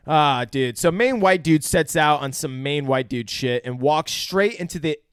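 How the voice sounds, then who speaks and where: A man's voice: fairly high pitch, a little slow, clear, resonant tone, no echo, clean studio sound. A young man co-hosting a podcast, casually recapping a film with lots of swearing and acted-out lines. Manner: profane, animated, acts out scenes in quoted voices. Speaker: podcast co-host. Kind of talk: casual movie review chat.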